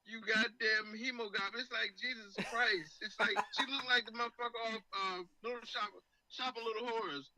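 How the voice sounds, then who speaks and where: A man co-hosting a podcast, loudly ranting with lots of swearing and bursts of laughter. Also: very high-pitched, steady tone, fairly quick, hardly any pauses, rough recording. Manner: loud, swearing, breaks into laughter. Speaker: podcast co-host. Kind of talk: profane comedic rant.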